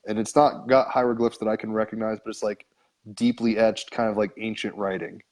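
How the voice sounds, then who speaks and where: Guy with a lowish voice rambling thru a story, says like a lot, swears casually, podcast guest. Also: little pitch movement, a little fast. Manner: rambling, filler-heavy, frequent "like", casual swearing.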